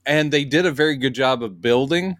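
An animated man co-hosting a podcast in casual chat, acting out quotes with a lively swing in his voice. He speaks at a middle pitch, and the sound is dry and close. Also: fairly quick, no room sound. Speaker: podcast co-host.

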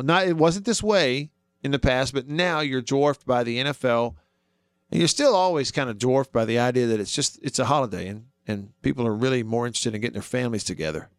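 A man's voice: mid-range voice, no echo, clean studio sound. A man hosting a sports talk radio show, arguing his points and asking listeners questions. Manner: animated, argues with himself, asks listeners questions.

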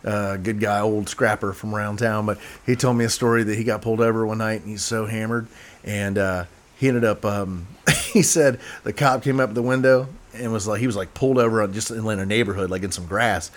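A man's voice: lowish voice, steady tone, moderate pace. A man hosting a casual chat, telling stories with laughter and acted-out quotes. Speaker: podcast host.

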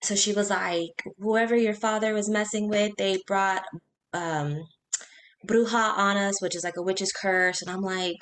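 A woman casually telling personal ghost stories in a chat, animated, talking in quick bursts and acting out her own reactions. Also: medium pitch, slight background noise.

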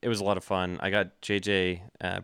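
A man's voice: low voice, level tone, fairly quick, a bit bright, clear, resonant tone, no echo, studio quality. A man hosting a podcast in casual chat, telling rambling stories with many fillers and laughs. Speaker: podcast host.

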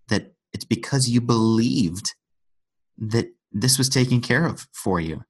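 A man's voice: medium pitch, a little slow, slightly rough. A man in an earnest conversational Bible discussion, retelling scripture stories and acting out the quotes.

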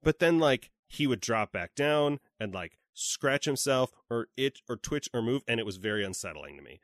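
Expressive man, dry close sound. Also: mid-range voice, moderate pace, no room sound. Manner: expressive storyteller, acts out quotes. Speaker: podcast co-host. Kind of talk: casual chat.

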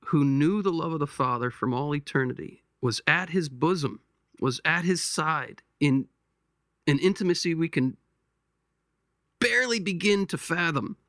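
A man hosting a podcast, giving a slow pastoral reflection, gentle and halting, often repeating words as he searches for them. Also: a little high, lively intonation, no room sound, clean studio sound. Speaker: podcast host.

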